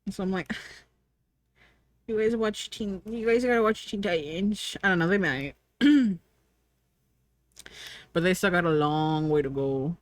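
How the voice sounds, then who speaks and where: A woman streamer chatting casually, full of fillers and "like", acting out her own thoughts in lively quoted asides. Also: on the low side, slow, long pauses, no echo. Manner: frequent fillers and "like". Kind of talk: casual rambling chat.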